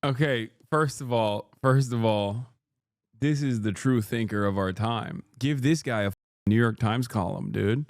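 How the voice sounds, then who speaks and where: Loud, incredulous man on a dry mic. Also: medium pitch, unhurried, no echo. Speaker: streamer reacting to a video. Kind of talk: casual live commentary.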